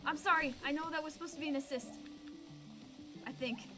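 A woman's voice: high-pitched, fairly quick. A young woman playing a game and chatting playfully, squealing and exclaiming as she goes. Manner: bubbly, exclaims and squeals often. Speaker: gaming video host. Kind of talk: playful gameplay commentary. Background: game music.

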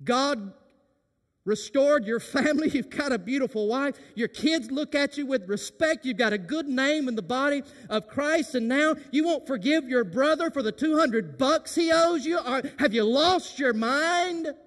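A man preaching a sermon as senior pastor, swinging from hushed tones to impassioned shouting. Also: extremely high pitch, expressive, moderate pace. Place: church sanctuary during worship service. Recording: reverberant church sanctuary.

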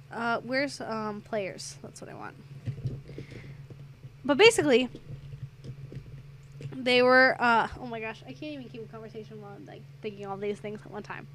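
A woman's voice: a little high, moderate pace, pauses often, a bit bright, a little hiss or hum. A young adult woman streamer chatting casually while gaming, rambling through a story and getting sidetracked by the game.

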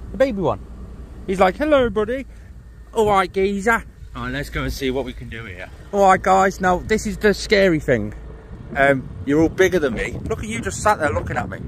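Chatty man vlogging outdoors in wind. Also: high-pitched. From United Kingdom. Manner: chatty, talks to cows and laughs. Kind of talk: casual vlog commentary. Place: outdoors by a van in wind and farm field. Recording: windy outdoor noise.

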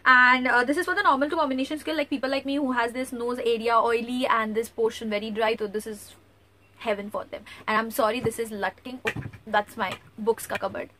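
An excitable young woman talks eagerly through a beauty haul. Her voice sits high and sounds bright and crisp, and she hurries along in a chatty way. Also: a little fast, slight background noise. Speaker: beauty vlogger. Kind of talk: product haul review. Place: at home, near a bookcase.

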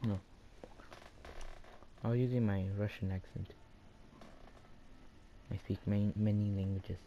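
A man chatting casually while he plays, retelling his kills in an excitable, rambling way with lots of restarts. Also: fairly low pitch, slow, lo-fi sound. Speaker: gamer recording his play. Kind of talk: casual gameplay chat. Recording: game gunfire and noise behind. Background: video game gunfire.

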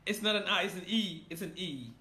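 A man's voice: high voice, fairly quick, a crowd in the background. A man coaching someone on name pronunciation in casual banter, teasing and giggling. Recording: echoey room with clear noise.

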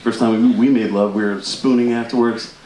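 A man's voice: mid-range voice, fairly even intonation, brisk, slight background noise. Man doing stand-up in an echoey club. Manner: laughing through punchlines, conversational. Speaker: stand-up comedian. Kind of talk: stand-up routine. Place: comedy club stage. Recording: echoey room with loud audience laughter.

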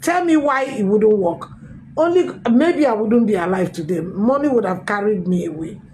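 A middle-aged woman pastor, telling her testimony in a sermon with emphatic, animated storytelling. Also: mid-range voice, moderate pace, a little hiss or hum, poor audio. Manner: storytelling with acted quotes, emphatic swings. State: recovering from a tooth extraction.

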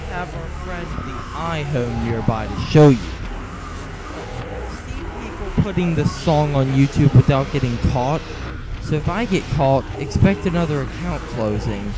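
A man's voice: on the high side, expressive, measured pace, noisy background. Indignant young man ranting on webcam. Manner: indignant, scornful, keeps repeating "stupid". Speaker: channel host. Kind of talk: webcam rant. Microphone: small webcam.

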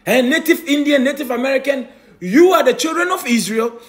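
Fiery, high-pitched male preacher. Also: expressive, brisk. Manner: emphatic, rhetorical questions, tag "eh?"; swings from loud declaring to low muttering. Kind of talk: sermon.

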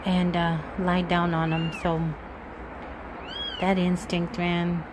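Vlogging casually from her backyard, a woman with a lowish voice speaks slowly in a completely flat delivery, soothing a cat giving birth while chatting to her viewers. Cats meow amid the background noise.

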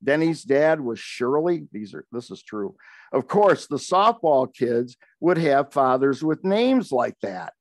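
A man's voice: medium pitch, sing-song, unhurried, no room sound. An older man, a poet, reading aloud from his memoir with wry, conversational asides.

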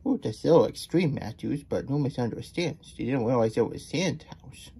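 Man, children's storybook reading, chatty asides, dark tone, husky. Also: mid-range voice, lively intonation, moderate pace. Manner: chatty, talks about himself in the third person. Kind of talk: reading a picture book aloud with asides.

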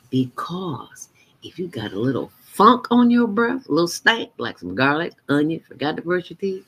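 A woman's voice: on the low side, very animated, moderate pace, a bit bright, slightly rough. A woman guiding a morning breathing meditation, playful and chatty, talking to herself and dropping into whispers. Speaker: mindfulness teacher.

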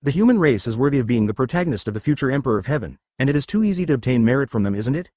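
A man reading the lines of a friendly male cultivator companion in an even, machine-like way. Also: medium pitch, rapid-fire, dry recording, studio quality, lightly acted.

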